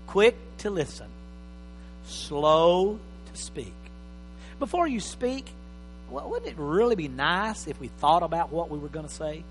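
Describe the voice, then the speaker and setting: A high-voiced male pastor delivers an emphatic sermon, his voice swinging between loud and soft. The sound rings with a long hall reverb over a faint electrical hum. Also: very animated, unhurried, pauses often.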